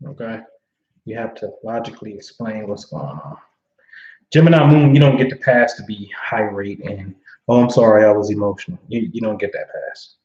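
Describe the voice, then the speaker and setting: A man's voice: fairly low pitch, expressive, normal speed, darkish tone, lo-fi sound. Laid-back slangy man on a roomy stream. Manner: laid-back slangy talk, frequent "you know what I'm saying". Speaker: astrology livestream host. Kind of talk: casual livestream chat reading viewer comments.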